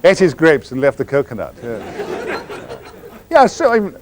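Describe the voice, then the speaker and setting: An older man tells rambling, theatrical stories with a wry edge. His pitch leaps and swoops all over the place as he answers questions from the audience. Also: huge pitch swings, moderate pace, some chatter behind, a little hiss or hum. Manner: theatrical, wry, meandering storyteller. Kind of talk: anecdotal audience Q&A.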